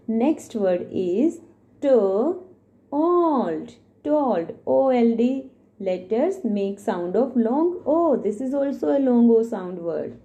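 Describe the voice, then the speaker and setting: Slow, patient woman teacher. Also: a little high, mellow, highs cut off. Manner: spells words out letter by letter, patient and explanatory. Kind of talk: phonics lesson for young children.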